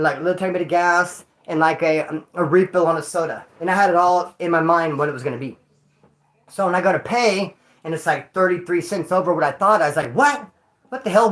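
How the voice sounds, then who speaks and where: A man telling a rambling story to a live chat in casual, slangy talk, swearing freely and jumping between loud bursts and low mutters. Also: low-quality recording. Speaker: livestreamer.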